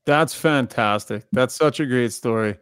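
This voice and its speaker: A man's voice: mid-range voice, unhurried, fairly bright tone, smooth, dry recording, clean studio sound. A man hosting a sports radio show, setting up clips and tossing to his co-hosts in casual talk. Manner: leads the segment, sets up clips. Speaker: radio host.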